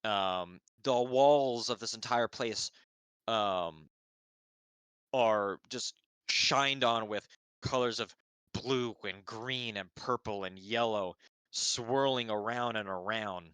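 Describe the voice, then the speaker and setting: A man's voice: fairly low pitch, takes it slowly, a bit bright, clear, resonant tone, dry recording. A man running a tabletop game as dungeon master, narrating with lots of fillers and restarts. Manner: rambling with many fillers and restarts. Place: home setup, streamed live.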